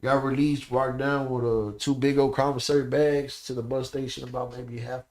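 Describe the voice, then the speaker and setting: A man in an average pitch talks as a podcast guest in a loose, casual chat. He tells his stories in an animated, profane way, often checking in with "you know what I'm saying". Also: moderate pace.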